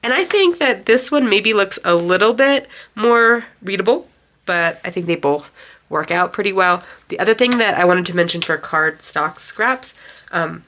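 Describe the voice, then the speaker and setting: A woman's voice: medium pitch, expressive, moderate pace, a bit bright. A woman with a congested, nasal voice from being sick, chatting casually and rambling a little while she explains a card-making tutorial. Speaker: craft channel host. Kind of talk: casual craft tutorial narration.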